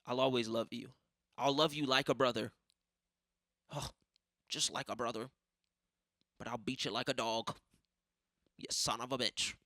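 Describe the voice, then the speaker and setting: A man's voice: mid-range voice, fairly even intonation, moderate pace, pauses often, pushed and bright, dry recording, clean studio sound. A young man hosting a podcast, ranting casually with lots of swearing and telling stories by acting out other people's voices. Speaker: podcast host. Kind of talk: casual monologue.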